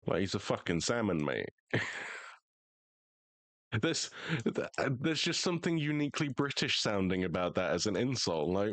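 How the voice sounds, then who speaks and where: A man's voice: on the low side, big pitch swings, normal speed, pauses often, a bit bright, no room sound. A young American man streaming a game, chatting casually in profane, joking banter. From United States. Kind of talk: casual live gaming chat.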